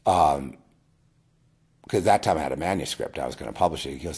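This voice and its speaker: A man giving a rambling personal testimony as host of his own video, with frequent restarts and swings between loud emphatic bursts and quiet murmurs. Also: rumbling low, fairly quick, pauses often, breathy edge.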